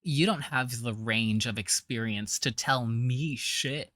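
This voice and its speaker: A man's voice: medium pitch, slow pace, pushed and bright, dry recording. A man giving blunt, scornful reaction commentary, with a trained singer's voice.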